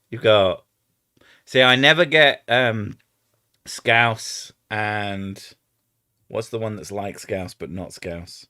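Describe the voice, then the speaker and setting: A man's voice: on the low side, slow, pauses often, bright, forceful tone, no room sound, studio quality. A man with an Edinburgh Scottish accent, hosting a live stream in rambling casual chat, swearing and trying out silly impressions. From Scotland. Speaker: streamer host.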